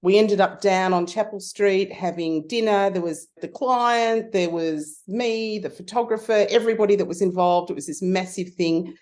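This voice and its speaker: A middle-aged Australian woman, a photography consultant, telling lively stories in a casual interview with frequent restarts. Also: medium pitch, moderate pace, few pauses.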